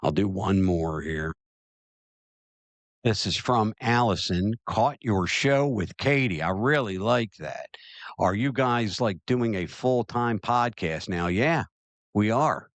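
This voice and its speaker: A man hosts his own talk podcast, pressing his opinions hard and circling back to repeat his key points. His voice sits fairly low, and the recording is dry, with no room sound. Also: expressive, slow, dry recording. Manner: emphatic, repeats himself for emphasis. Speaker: podcast host. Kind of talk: opinion rant and listener Q&A.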